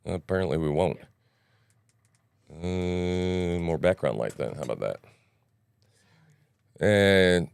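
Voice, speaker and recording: Low-voiced man rambling through commentary. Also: clear, resonant tone, dry recording. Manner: rambling, frequent "right?" asides, joking. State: morning voice. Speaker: news commentary podcast host. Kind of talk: casual livestream commentary.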